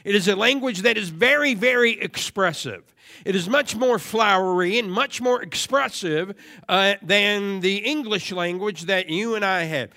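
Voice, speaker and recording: A man preaching a sermon to a congregation, moving from steady teaching into loud, emphatic repetition. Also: high voice, measured pace. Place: church service before a congregation.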